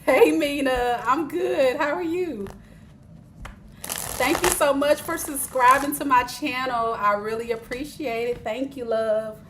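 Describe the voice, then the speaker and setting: A woman reads tarot cards live for her viewers, speaking slowly in a fairly high voice. She teases, chats and laughs a lot between readings. A faint background hiss sits under her voice. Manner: chatty, laughs often, teasing, talks straight to viewers. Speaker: tarot reader.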